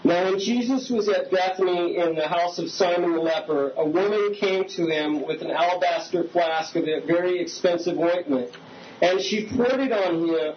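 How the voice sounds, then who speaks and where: A man preaching a conversational sermon as pastor, often asking the congregation questions. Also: sits high. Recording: slightly dull recording with faint hiss.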